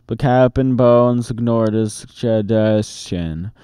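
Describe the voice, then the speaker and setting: A man reading a children's book aloud in a steady, expressive storytelling manner, close to the mic. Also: mid-range voice, takes it slowly, clear, resonant tone, dry recording. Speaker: storybook reader.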